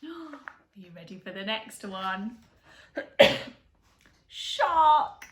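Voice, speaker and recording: Woman teacher, picture-book read-aloud, animated, asks questions, lively pitch, roomy sound. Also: very slow, pauses often. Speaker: preschool teacher. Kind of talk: reading a picture book to young children. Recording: echoey room.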